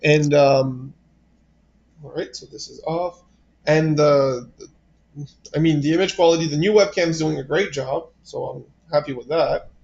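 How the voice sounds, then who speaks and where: A man's voice: fairly high pitch, measured pace, creaky, long pauses, a little mellow, muffled recording. A man with a French Canadian accent, hosting a casual model train livestream from home, rambling with lots of fillers and restarts. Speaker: livestream host.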